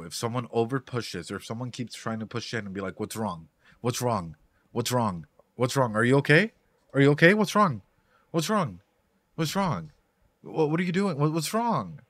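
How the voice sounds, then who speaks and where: A man's voice: fairly low pitch, a bit bright, no echo. A man giving casual live-stream commentary on an anime, rambling and repeating words as he talks to his chat.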